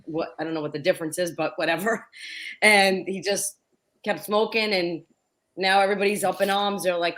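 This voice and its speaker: A woman in casual conversation, talking in halting bursts with stammered restarts. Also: fairly low pitch, fairly even intonation, a bit bright. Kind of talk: casual panel chat.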